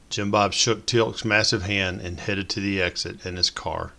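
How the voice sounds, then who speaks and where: Man narrator, deep and forceful, steady descriptive audiobook reading. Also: moderate pace, gravelly, few pauses. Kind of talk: scripted story narration.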